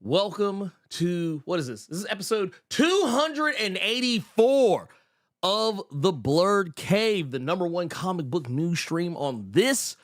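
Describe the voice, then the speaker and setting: A man hosting a casual comic book podcast, animated and laughing often. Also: on the high side, no echo, clean studio sound. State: out of breath. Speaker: podcast host.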